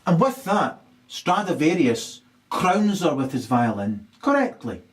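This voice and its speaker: A man's voice: a little high, sing-song, unhurried. A man improvising a profane story, rambling with many ums and restarts.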